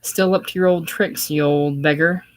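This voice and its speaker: A woman playing a breezy, businesslike ship's officer back home, hearty and commanding. The voice stays low and carries loudly in a solo play reading. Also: steady tone, normal speed, lightly acted. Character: brisk, breezy ship's officer, authoritative man.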